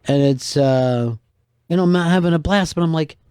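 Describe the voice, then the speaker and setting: A man's voice: on the high side, mellow, smooth, no room sound, studio quality. A man hosting a radio talk show, telling wry, rambling stories in a casual way. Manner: storytelling, wry, drawn-out anecdotes. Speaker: radio host and stand-up comedian.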